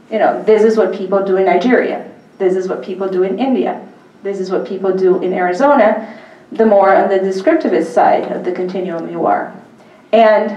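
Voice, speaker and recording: A woman's voice: medium pitch, a little mellow, dull audio. Woman lecturing in an echoey hall. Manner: conversational, frequent ums and uhs. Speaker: university lecturer. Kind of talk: academic lecture at a public symposium. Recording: echoey hall, mic from far off.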